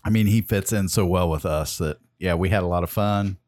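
A man's voice: low-pitched, fairly quick, a little mellow. A man in his forties hosting a podcast in casual chat, joking, laughing and swearing freely. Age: 40s. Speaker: podcast host.

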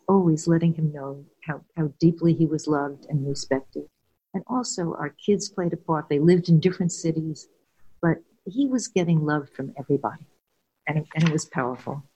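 A woman's voice: deep voice, breathy edge, low-quality recording. An older woman, a guest and former caregiver, tells personal stories candidly and earnestly, laughing now and then. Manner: warm, earnest, laughs while telling stories.

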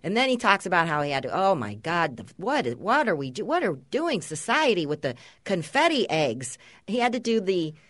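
A woman and mother co-hosting a podcast, chatting casually and telling stories with lively, acted-out quotes. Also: lowish voice, brisk, dry recording. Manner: animated storytelling, mimics others' voices. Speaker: podcast host. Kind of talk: casual chat.

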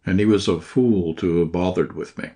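A man reading a short story aloud in scripted first-person narration, at a measured, even pace. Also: deep voice. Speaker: audiobook narrator.

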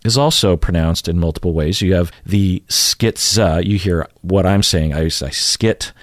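A man with a fairly low voice talks through a casual explainer, thinking out loud and circling back to repeat himself. He chuckles at his own fumbles. The sound is close and dry, with no room in it. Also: normal speed, no room sound. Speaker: YouTube host explaining pronunciation.

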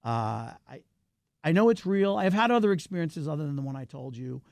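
A middle-aged man talking as a filmmaker guest in a casual interview, animated and talkative, swinging his pitch up and down. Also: a little fast, vocal fry, no echo.

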